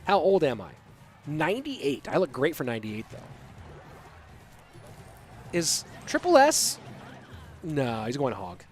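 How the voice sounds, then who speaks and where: Casual chatty esports caster, slightly high voice. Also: male voice, wildly swooping pitch, slow pace, pauses often, faint music behind. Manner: casual, chatty, answers viewer questions. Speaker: esports caster and stream host. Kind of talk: live stream commentary and chat reading.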